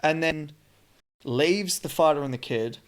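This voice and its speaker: A man's voice: fairly high pitch, unhurried, clean tone. A man co-hosting a podcast, chatting casually in a rambling, swearing way. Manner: rambling, swearing, filler-heavy. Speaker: podcast co-host.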